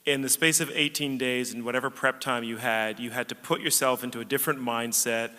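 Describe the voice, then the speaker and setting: A man moderates a film Q&A, putting polite, measured questions to the panel. His tone is bright and forceful. His voice rings with long reverb through the theater. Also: medium pitch, fairly even intonation.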